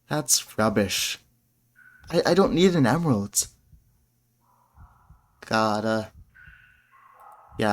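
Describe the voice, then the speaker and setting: Slow-talking young man reading a gamebook aloud. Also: medium pitch. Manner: reads the text aloud and breaks off into excited rambling asides. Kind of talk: casual let's-play narration.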